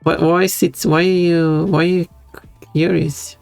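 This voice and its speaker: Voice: medium pitch, little pitch movement, unhurried, creaky, darkish tone. A streamer chatting casually while drawing, rambling with frequent stammers and restarts while answering chat messages. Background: faint background music.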